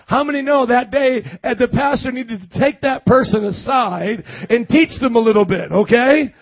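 A man from the American Midwest preaching a sermon as pastor, animated and calling on the congregation to answer back. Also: very high-pitched, normal speed, few pauses, no echo, highs cut off. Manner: animated, calls for congregation responses.

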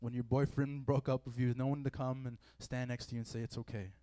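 Fast-talking and level in tone, a man with a mellow, medium-pitched voice and no room sound preaches informally to a youth group. The setting is a meeting room with a live audience, and his talk is chatty, filler-heavy, and full of acted-out quoted feelings.

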